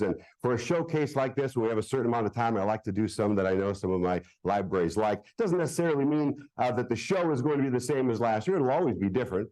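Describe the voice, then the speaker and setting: A man's voice: mid-range voice, darkish tone, low-quality recording. A man performing a live magic show for children at a public library, joking playfully with the crowd.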